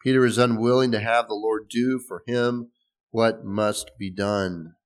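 A man's voice: lowish voice, fairly even intonation, measured pace. A man preaching a sermon in a conversational way, explaining scripture with restarts and small laughs. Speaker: pastor.

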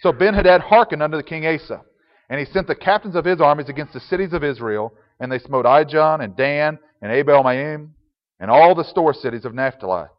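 A pastor preaching a conversational sermon with chuckling asides, reading and explaining scripture. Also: male voice, on the high side, big-room sound, highs cut off.

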